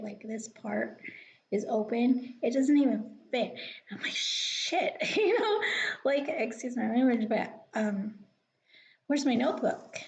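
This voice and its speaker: A woman's voice: a little high, creaky, a little mellow, dull audio, a little hiss or hum. A young woman telling a personal story in a casual, rambling, confiding way, sometimes dropping to a whisper. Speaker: vlogger.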